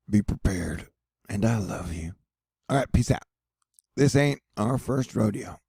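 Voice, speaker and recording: Gravelly, husky man joking through weather news. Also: lowish voice, lively intonation, unhurried, long pauses, mellow, no echo, studio quality. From United States. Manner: joking, rambling, affectionate toward viewers. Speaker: weather vlogger. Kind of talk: casual weather update monologue.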